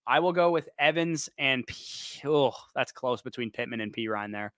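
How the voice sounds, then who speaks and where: Bright, crisp man fielding rapid questions. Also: mid-range voice, animated, no echo. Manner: quick, listing names then picking one. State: losing his voice. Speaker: fantasy football show host. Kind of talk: livestream Q&A, rapid-fire start/sit answers.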